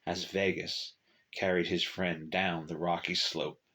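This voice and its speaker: Low voiced guy reading a short story aloud, steady pace, bright forceful tone. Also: unhurried. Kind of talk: storybook narration.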